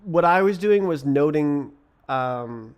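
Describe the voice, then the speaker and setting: A man's voice: a little high, expressive, slow, smooth. A young British man live-coding on stream, thinking aloud in a casual, puzzled way and answering his chat between mutters to himself. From Britain.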